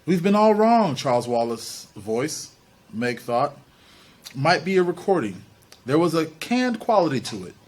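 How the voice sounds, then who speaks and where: A man reading a novel aloud for an online book club, steady and with small slips. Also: mid-range voice, unhurried, husky.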